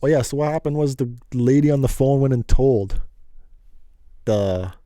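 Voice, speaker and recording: A man telling a casual storytime tale, animated and laughing often, acting out the voices of people in it. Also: mid-range voice, normal speed, dry recording, studio quality. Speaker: storyteller vlogger.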